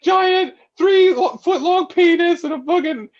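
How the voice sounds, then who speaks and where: A shrill, panicked buddy who keeps shouting in alarm, his voice cracking high above normal speech. A man puts him on in a slightly muffled, lo-fi recording with the pitch pushed way up. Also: unhurried. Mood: ranting. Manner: shrill, frantic ranting. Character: exasperated male friend, yelling in alarm.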